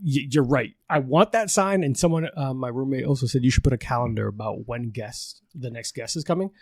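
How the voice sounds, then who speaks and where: A man hosting a podcast, talking quickly in a relaxed, rambling way and swearing freely. His voice sits at a middle pitch and comes across close and dry, with no room sound around it. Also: dry recording. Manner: profane, laughing, rambling. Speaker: podcast host. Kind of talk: casual chat.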